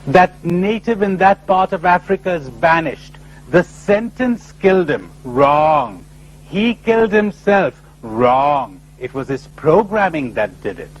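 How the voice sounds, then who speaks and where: Man, spiritual talk, lively rising and falling delivery, slightly high voice, rhetorical questions, faint hum behind. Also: slow, rough recording. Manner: animated, rhetorical questions, acts out other people's replies. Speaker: spiritual speaker. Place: lecture before a live audience.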